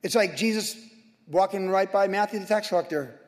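A man preaching with a high, ringing voice, fervent and emphatic, driving his points home by piling up phrase after phrase. His sermon carries the long reverb of a big hall. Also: fairly quick. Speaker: pastor.

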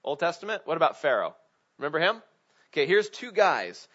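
A man's voice: on the high side, very animated, a little fast, fairly bright tone, breathy edge. A man preaching a casual sermon, asking his congregation questions and leaning on filler words. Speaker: pastor. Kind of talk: conversational sermon. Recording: dull lo-fi recording.

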